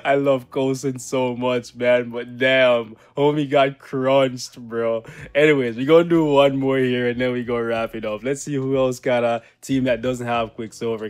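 A young man giving casual, slangy commentary over his own gameplay, joking and breaking into loud laughs. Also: medium pitch. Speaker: gaming channel host.

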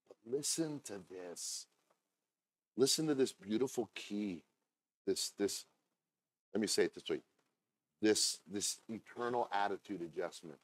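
A man preaching a sermon as pastor, talking conversationally with asides to the congregation and reading scripture slowly and deliberately. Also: lowish voice, expressive, dry recording.

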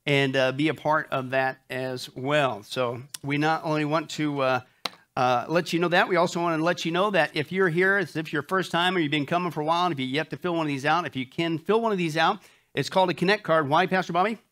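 A man's voice: fairly high pitch, brisk, fairly bright tone. Upbeat joking male pastor. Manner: upbeat and joking, with frequent "that's right". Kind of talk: church announcements and opening prayer. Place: church sanctuary before a live congregation.

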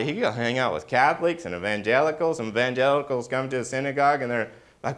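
A male pastor preaching in a mid-pitched voice. He peppers the congregation with questions, drops to near-whispers on key points, then climbs to loud, emphatic peaks. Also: fast talker. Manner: swings from hushed lows to rising, emphatic peaks. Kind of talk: sermon.

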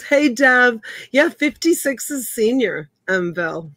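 Her medium-pitched voice is very slow and fairly bright, recorded with no echo. She's a woman in her fifties auctioning items live online from home, chatting with viewers by name as bids come in.

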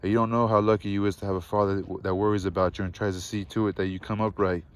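Storybook mother, weary and sharp-tongued, scolding her boys, read by a man in a low, level voice. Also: little pitch movement, very fast, natural voice. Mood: stern. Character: weary stern mother, middle-aged woman.

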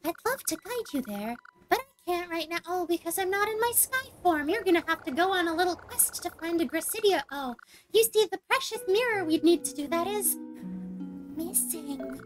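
Woman doing a squeaky, bubbly flower creature. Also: lively intonation, moderate pace, faint music behind. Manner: gushing, emphatic exclamations. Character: cheerful small flower Pokemon, excitable. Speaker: streamer voicing game text.

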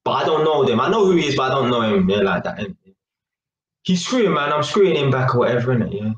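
A man's voice: medium pitch, big pitch swings, quick pace, lo-fi sound. A young man with a London accent, telling a street story to camera in casual, slangy chat full of "innit" and "yeah". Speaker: vlogger. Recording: echoey room with faint noise.

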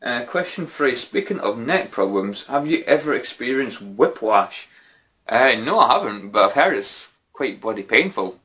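Chatty man, bright voice. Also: mid-range voice, very animated, moderate pace. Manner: rambling, lots of "you know" and mild swearing. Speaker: YouTuber answering viewer questions. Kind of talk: casual Q&A chat.

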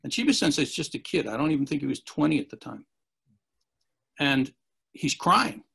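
A man's voice: fairly high pitch, animated, a little fast, gravelly, breathy edge. A man as an interview guest, telling long rambling anecdotes and acting out the quotes. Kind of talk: storytelling in a podcast interview.

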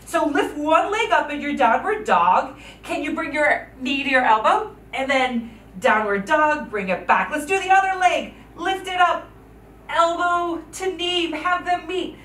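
A woman's voice: high-pitched, expressive, a little slow, a bit bright. A woman teaching a yoga class for children, giving cheerful, encouraging instructions and counting out the moves. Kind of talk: guided kids yoga class. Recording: echoey room from a distance.

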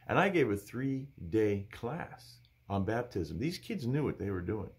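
A male pastor teaching from the Bible in an emphatic, animated preaching style. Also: on the low side, a little slow, few pauses.

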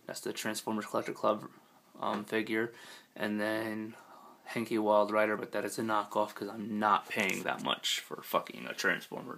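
A man with a scratchy, hoarse voice gives a laid-back, rambling tour of his collection at home, with many ums and casual swearing. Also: lowish voice, bright, forceful tone. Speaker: collector giving a room tour.

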